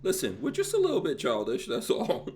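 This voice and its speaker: A man's voice: fairly high pitch, wildly swooping pitch, fairly quick, darkish tone, a little hiss or hum. A middle-aged man hosting a casual podcast chat, laughing often and mimicking people as he tells stories. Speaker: podcast host.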